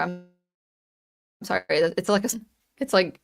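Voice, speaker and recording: Animated woman in her thirties. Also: mid-range voice, moderate pace, long pauses. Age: 30s. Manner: animated, storytelling with lots of restarts. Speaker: livestream host. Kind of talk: casual livestream chat.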